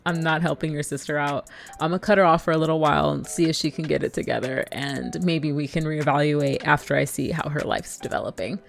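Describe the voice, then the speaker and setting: A woman's voice: low-pitched, steady tone, fairly quick, gravelly. A woman voicing a stern middle-aged father who owns a club, talking in a firm, lecturing way in a life-sim game story.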